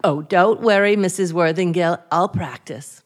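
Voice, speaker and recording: An actress playing a scatterbrained young wife who answers in a flat, innocent way, in 1940s radio acting style. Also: female voice, on the low side, moderate pace, no echo, clean studio sound, natural voice. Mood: ditzy.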